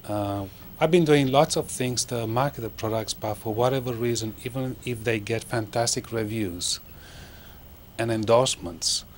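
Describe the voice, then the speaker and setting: A man in a studio audience describing his small company and asking the panel how to make things move faster, hesitating often with fillers. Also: medium pitch, slight background noise. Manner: rambling with many fillers, self-promoting. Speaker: audience member asking a question. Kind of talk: asking a question at a studio event.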